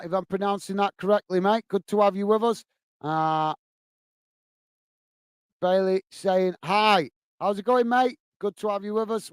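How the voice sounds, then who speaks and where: A man from the UK hosting a live football fan stream. He chats casually with viewers, reads out their comments and the scores, fills pauses with "uh" and calls everyone "mate". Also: a little high, smooth, no echo. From United Kingdom. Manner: chatty, says "mate" a lot, many fillers.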